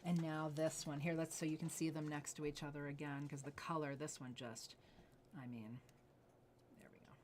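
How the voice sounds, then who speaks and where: A woman hosting a live jewelry sale, gushing over each piece and often dropping to breathy near-whispers as she admires it. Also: sits low, flat delivery, normal speed, a little mellow, a little hiss or hum. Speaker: jewelry sales host. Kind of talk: live shopping presentation.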